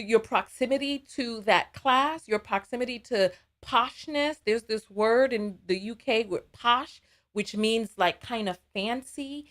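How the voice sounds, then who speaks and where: A woman with a fairly high voice hosts a live call-in show. She talks in a loose, conversational way that wanders from point to point. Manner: conversational, digressive, animated.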